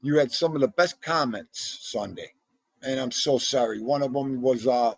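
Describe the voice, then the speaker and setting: Gravelly, husky-voiced male livestream host. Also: normal speed, no room sound, low-quality recording. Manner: chatty and excitable, with sudden pitch jumps. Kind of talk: casual livestream chat.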